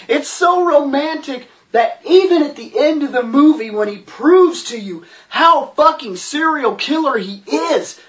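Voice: high-pitched, animated, measured pace, few pauses, fairly bright tone, recorded from a distance. Profane, incredulous ranting film reviewer. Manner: profane, sarcastic, incredulous outbursts. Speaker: movie reviewer.

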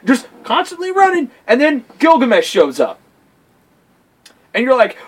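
On a laid-back podcast, this co-host speaks at a normal pace in a high-pitched voice, chatting casually. His storytelling is profane and lively, full of acted-out quotes, though the audio is poor.

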